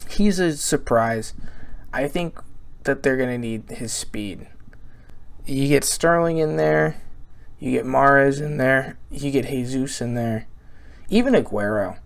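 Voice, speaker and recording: A man's voice: mid-range voice, a little slow, vocal fry, long pauses. A man casually previewing a football match on his vlog, joking and rambling. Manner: jokey, rambling, asks viewers questions. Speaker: football fan vlogger.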